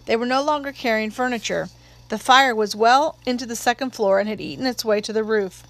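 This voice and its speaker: A woman narrating an audiobook in a measured, steady storytelling voice. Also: a little high.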